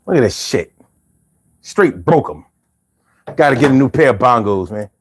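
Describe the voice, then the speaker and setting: A man's voice: medium pitch, lively intonation, moderate pace, slight background noise. A man hosting a casual livestream and chatting with viewers, with slangy, profane, rambling speech full of repeats. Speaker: livestream host reading chat. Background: his own bongos and faint music.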